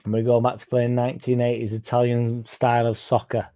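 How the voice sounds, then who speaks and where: A man's voice: medium pitch, completely flat delivery, a little fast, warm tone. A young man hosting a football fan livestream, chatting sarcastically and reading out viewer comments. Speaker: fan channel host.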